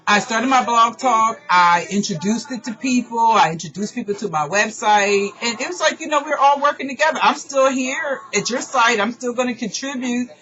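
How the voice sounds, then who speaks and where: A woman's voice: a little high, normal speed, hardly any pauses, fairly bright tone. A woman who hosts an online radio show, venting in an emotional, profane personal monologue. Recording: dull lo-fi recording with faint music.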